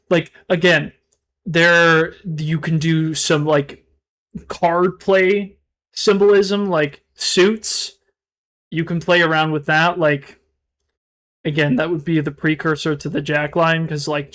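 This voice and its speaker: Male streamer, casual live chat, slightly higher voice, mumbly and rambling, lots of restarts. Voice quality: mumbled, self-described monotone.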